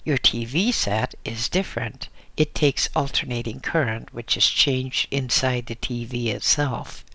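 A patient garage owner who explains things mildly and politely, voiced by a male narrator. His voice is gravelly and bright. He speaks slowly, recorded close and dry. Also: medium pitch, no room sound. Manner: mild, polite.

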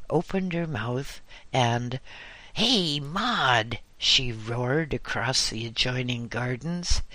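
A man narrating a humorous story in a deliberate, wry reading. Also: mid-range voice, bright, forceful tone, dry recording.

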